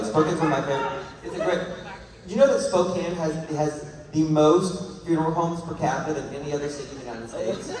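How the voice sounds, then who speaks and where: A man's voice: fairly high pitch, recorded from a distance. Rambling man telling stories in an echoey hall. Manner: animated, rambling, laughs through his stories. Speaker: actor answering fan questions at a panel. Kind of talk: comedic storytelling on stage. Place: large convention hall with audience.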